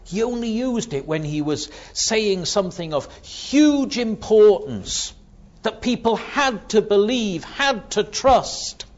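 A man preaching a sermon, swinging from loud emphatic lines to hushed, near-whispered ones. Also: sits high, lively intonation, slow pace, muffled recording.

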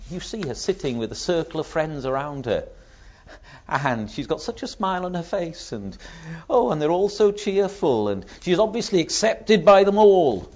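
A man preaching a sermon, acting out the voices he quotes with lively rises and drops in pitch. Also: muffled recording.

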